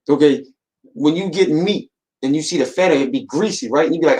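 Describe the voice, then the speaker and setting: A man's voice: on the high side, quick pace, a little mellow, poor audio. Rambling slang-heavy man, casual chat. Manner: rambling, street slang, many fillers.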